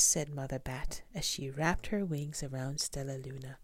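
A woman reading a children's storybook aloud, gentle, often breathy or whispered. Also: rumbling low, steady tone, moderate pace, hardly any pauses.

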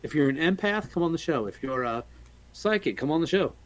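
A man's voice: on the high side, expressive, fairly quick. A man hosting a casual podcast, talking in a playful, jokey and rambling way. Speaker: podcast host. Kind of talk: casual chat.

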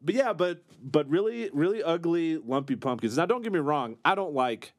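Animated, jokey man on a podcast. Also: fairly high pitch, normal speed, no room sound. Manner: jokey, animated, laughs often. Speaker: podcast co-host. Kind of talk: casual comedic chat.

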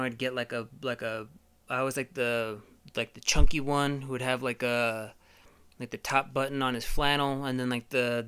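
Casting: man, solo comedy host, profane rambling riffs, bright crisp voice. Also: medium pitch. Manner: profane, rambling, halting with fillers. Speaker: podcast host.

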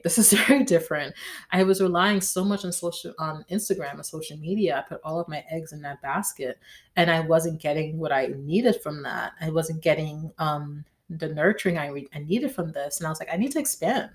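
A woman's voice: low-pitched, normal speed. A woman hosting a podcast in a casual, chatty way, often checking in with "right?". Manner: chatty, tags lines with "right?", slangy. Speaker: podcast host. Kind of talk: casual astrology chat.

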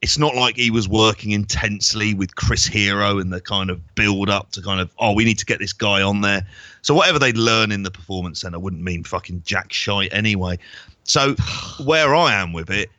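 Casting: podcast man, lowish pitch, forceful bright tone, dry close mic. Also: no echo. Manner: measured, wry opinion-giving. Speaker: podcast co-host. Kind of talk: casual chat.

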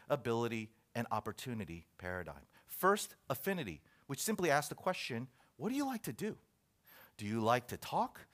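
A man's voice: medium pitch, fairly bright tone. A man preaching a sermon, reading a list aloud and joking with his listeners. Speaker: pastor.

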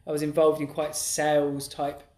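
A man's voice: on the high side, monotone, normal speed, a little mellow. A middle-aged man in casual podcast conversation, talking in loose, rambling sentences full of restarts. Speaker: podcast co-host. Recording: roomy echo.

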